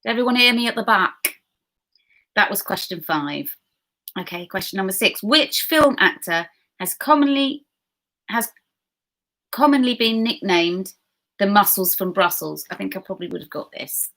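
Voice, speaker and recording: A woman hosting an online pub quiz, reading questions slowly and chatting and giggling with viewers in between. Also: mid-range voice, animated, a bit bright. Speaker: quiz host.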